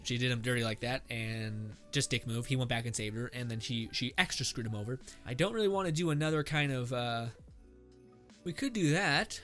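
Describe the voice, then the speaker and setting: A man's voice: mid-range voice, bright, forceful tone. A man hosting a podcast, working out a story on the spot, rambling and thinking aloud with lots of fillers and swearing. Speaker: podcast host. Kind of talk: improvised story brainstorming. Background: faint background music.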